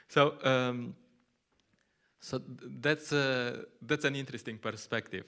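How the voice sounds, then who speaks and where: A man's voice: medium pitch, fairly even intonation, slow, pauses often, a bit bright. A man with Slovenian as his first language giving a conversational scripture class in English, often laughing and acting out little quotes. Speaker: lecturer at a temple.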